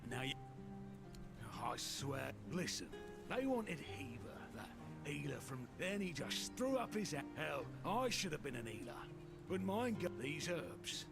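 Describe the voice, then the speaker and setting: A grumpy old man in a video game, gravelly and rough, who swears freely and rambles on. His pitch swings widely as he grumbles, with game music playing underneath. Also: sing-song, a little slow, exaggerated voice. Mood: defiant. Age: older. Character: grumpy foul-mouthed old male former keeper.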